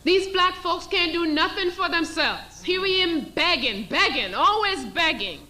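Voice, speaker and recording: A woman's voice: very high voice, lively intonation, a little slow, sharp tone, pitched above the performer's own voice, full character voice. A woman voicing a scornful male slave master who mocks the poor. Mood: contemptuous. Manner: sneering, mocking.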